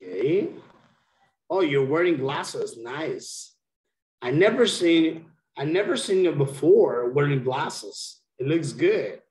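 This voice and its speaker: Slow, patient man teaching English. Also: fairly high pitch, expressive, a little mellow. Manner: slow, patient, repeats key words. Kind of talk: online English lesson. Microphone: video call. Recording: roomy echo.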